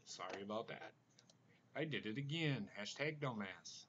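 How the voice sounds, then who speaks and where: A man's voice: on the low side, expressive, normal speed, fairly bright tone. A man hosting a casual livestream chat, bantering and swearing freely with his guests over a video call. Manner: profane, joking banter. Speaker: livestream host. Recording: muffled video call audio with faint hiss.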